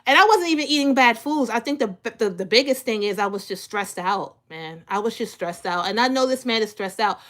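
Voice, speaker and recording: Chatty high-voiced woman commentator. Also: animated, a little fast, hardly any pauses, a bit bright. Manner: chatty, repeats words, talks straight to viewers. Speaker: commentary channel host. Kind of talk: casual live commentary.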